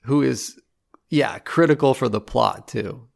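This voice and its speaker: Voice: medium pitch, measured pace, gravelly. A podcast co-host in casual chat, with dry, wry humor.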